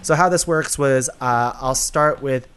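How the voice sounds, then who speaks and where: A man's voice: mid-range voice, measured pace, a bit bright. A man runs a game-show ranking podcast with playful, jokey banter and frequent laughter. He takes his time with each line. Faint music sits behind his voice. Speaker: podcast host. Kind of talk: casual comedic chat.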